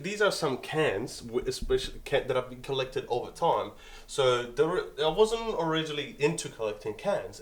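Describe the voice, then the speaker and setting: In a casual interview, an Italian man who is a collector talks in loose, halting phrases, relaxed and easily amused. His voice is mid-range.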